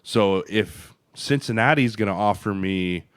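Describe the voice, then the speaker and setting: A man's voice: fairly low pitch, a little slow, smooth, no echo, clean studio sound. A man co-hosting a podcast, a former offensive lineman talking football in blunt, profane, emphatic casual chat.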